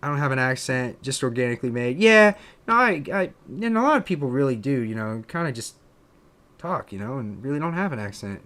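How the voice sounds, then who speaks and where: A man's voice: medium pitch, animated, fast talker. Rambling Pennsylvanian man, southern-tinged drawl. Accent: Pennsylvania, with a drawn-out southern drawl. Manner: rambling and musing, many fillers and restarts. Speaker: streamer and content creator. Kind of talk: casual live-stream chat.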